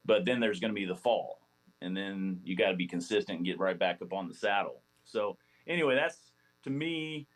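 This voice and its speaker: A man in his forties, a former ballplayer guesting on a podcast, telling stories in a rambling, animated way with many restarts. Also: low voice, normal speed, low-quality recording. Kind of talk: casual storytelling interview.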